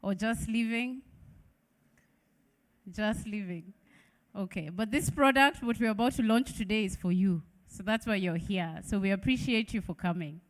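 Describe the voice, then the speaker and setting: A woman's voice: mid-range voice, normal speed. A middle-aged woman with a Ugandan accent giving a product launch presentation to an audience, chatty and asking them questions. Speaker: keynote speaker. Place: event hall with an audience.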